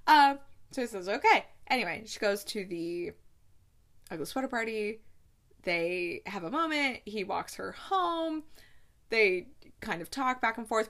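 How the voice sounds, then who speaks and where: A chatty woman recaps a movie in a casual, gushing way. She bounces between retelling scenes and playful little asides, with a voice of middling pitch for a woman. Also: fairly bright tone. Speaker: podcast host reviewing movies.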